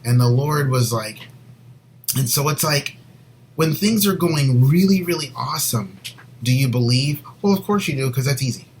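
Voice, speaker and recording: A man co-hosting a Christian show, sharing a personal faith story in an earnest, rambling way and sometimes dropping to a soft near whisper. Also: medium pitch, animated, moderate pace, slight background noise, rough recording. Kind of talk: personal faith testimony, casual chat.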